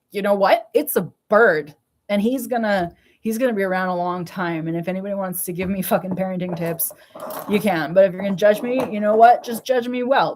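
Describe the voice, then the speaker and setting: A middle-aged woman from Canada venting in a casual, blunt monologue, swearing often and laughing between words. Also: medium pitch. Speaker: vlogger.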